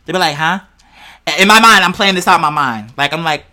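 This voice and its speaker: Stoned vlogger, bright tone, rambling, foul-mouthed, chatty. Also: mid-range voice, brisk. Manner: rambling, playful, heavily profane, talks straight to viewers. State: high on cannabis. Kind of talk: casual rambling vlog monologue.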